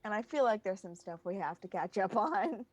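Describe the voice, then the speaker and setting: A woman's voice: mid-range voice, lively intonation, normal speed. A woman player chatting casually at a tabletop game, giggly and chatty.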